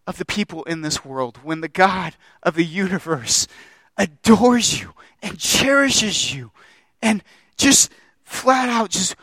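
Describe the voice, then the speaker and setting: A man's voice: high-pitched, a bit bright, dry recording. A young adult man preaching a sermon as pastor, impassioned and building through repeated phrases.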